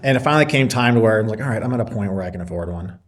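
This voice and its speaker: Animated man telling a story. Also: lowish voice, very fast. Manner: animated storyteller who acts out both sides of a dialogue. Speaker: podcast guest, business owner and Marine reservist. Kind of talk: casual storytelling interview.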